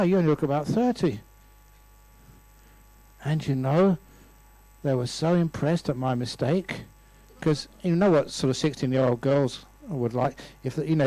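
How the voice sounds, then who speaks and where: Older male monk teacher, playful storyteller with a slightly high voice, dry close sound. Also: mellow, no echo, low-quality recording. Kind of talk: humorous dharma talk. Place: lecture room.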